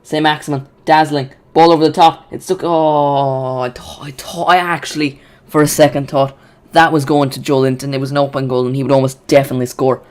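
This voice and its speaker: A man hosts a live football watch-along with a slightly high, lively voice. He gets excitable and chatty and often restarts his sentences as he reacts to the match. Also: brisk.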